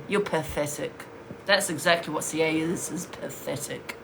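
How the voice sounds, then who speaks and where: A woman's voice: deep voice, moderate pace, vocal fry, fairly bright tone, a little hiss or hum. A woman streaming live, bluntly and scornfully ranting while she answers viewers' comments. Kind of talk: heated live-stream rant.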